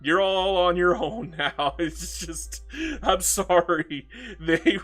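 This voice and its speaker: A man's voice: sits high, fairly even intonation, slow, fairly bright tone, soft background music. A man streaming a strategy game, chatting casually and ranting with frequent laughs and stammered restarts. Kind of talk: casual chat while gaming.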